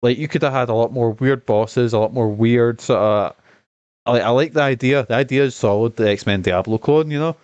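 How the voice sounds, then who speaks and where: A man streaming and chatting about a game he has just finished, rambling and swearing with lots of excitement. His voice sits at an ordinary mid pitch and has a slight cough. The sound is close and dry. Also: moderate pace, smooth, dry recording, dull audio. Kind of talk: casual gaming stream commentary.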